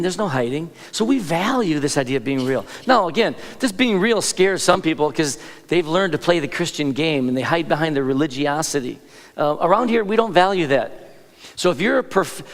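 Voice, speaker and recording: High-voiced pastor preaching in a hall. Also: male voice. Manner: conversational, self-interrupting preaching with asides to the congregation. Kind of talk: sermon. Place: large church hall. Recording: long reverb of a church hall.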